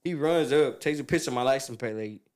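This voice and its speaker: A man telling a story on a podcast in casual chat, laughing and loudly acting out what people said. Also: mid-range voice, fairly quick, a crowd in the background. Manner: animated, laughing, acts out quotes loudly. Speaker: podcast guest.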